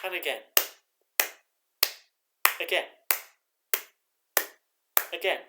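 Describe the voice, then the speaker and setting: Man leading choir rhythm practice, unhurried. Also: fairly high pitch, pushed and bright. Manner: chanting rhythm syllables and counting in, encouraging. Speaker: choir director. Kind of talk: online choir rehearsal, teaching rhythm. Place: living room.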